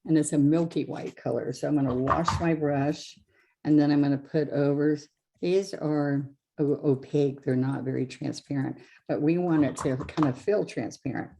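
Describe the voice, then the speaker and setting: A woman's voice: sits low, steady tone, moderate pace, gravelly, mellow. A woman teaching a live painting class, chatty and explaining each step, often correcting herself as she goes. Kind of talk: live craft demonstration.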